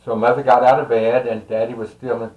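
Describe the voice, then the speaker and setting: An older man with a Texas accent tells a family story in a casual, rambling way, with many fillers and soft chuckles. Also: mid-range voice, little pitch movement, brisk, phone-quality sound. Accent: Texan. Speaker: storyteller and tarot reader. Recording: roomy echo.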